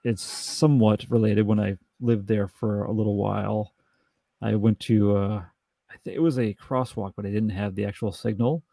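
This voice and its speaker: A man's voice: lowish voice, fairly even intonation, moderate pace, creaky, dark tone, no echo. A man co-hosting a podcast, chatting casually about a film in a rambling way with lots of restarts. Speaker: podcast co-host. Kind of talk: casual film review chat.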